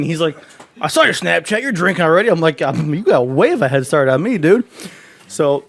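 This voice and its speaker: A man's voice: on the high side, sing-song, brisk. A man co-hosting a casual podcast, telling a profane story and acting out what others said. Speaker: podcast co-host.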